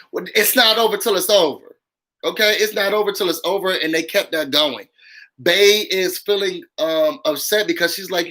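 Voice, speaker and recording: This man's voice sits high with a sharp tone, moving at normal speed on a low-quality recording. He hosts a casual reality TV recap as live commentary, dramatic and sassy, full of slang and repeated lines for emphasis.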